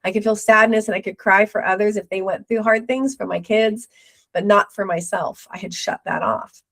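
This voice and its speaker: A middle-aged woman, a podcast guest, telling a personal story with lively retold quotes. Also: medium pitch, normal speed. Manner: animated retelling with acted quotes.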